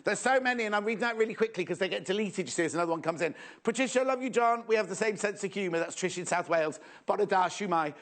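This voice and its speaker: A man's voice: high-pitched, quick pace, hardly any pauses, fairly bright tone. A man presenting a live shopping show in a playful, jokey, chatty way, reading out viewer messages.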